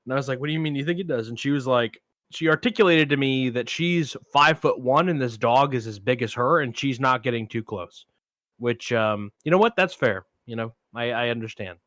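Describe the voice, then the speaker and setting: Medium in pitch and brisk in delivery, a man co-hosts a film podcast with no room sound in the recording. He tells a long story in relaxed conversation, animatedly imitating the people he quotes.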